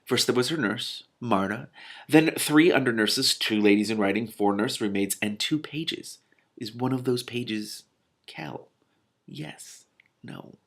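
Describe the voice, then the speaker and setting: A man's voice: medium pitch, a little slow, gravelly. A man reading a storybook aloud, with enthusiastic asides in between. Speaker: reader and commentator. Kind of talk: read-aloud book narration with commentary.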